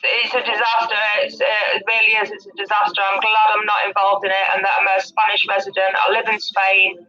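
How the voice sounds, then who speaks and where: A woman's voice: medium pitch, level tone, fast, bright, forceful tone, highs cut off, soft background music. A woman from England with an English accent, calling in from her living room and talking in a chatty, rambling, informal way. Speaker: caller. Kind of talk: casual call-in chat.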